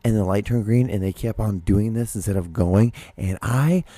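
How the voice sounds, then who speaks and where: Casting: male solo podcast host, low and very dark voice, loose rambling delivery with frequent restarts, close dry recording. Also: normal speed, no room sound. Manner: rambling, many restarts and swearing. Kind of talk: casual solo monologue.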